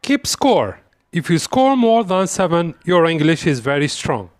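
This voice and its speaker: A man hosting an English lesson as a quiz, saying each example phrase slowly and deliberately and repeating it. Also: on the high side, big pitch swings, no room sound, studio quality. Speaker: English teacher. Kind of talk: quiz-style language lesson.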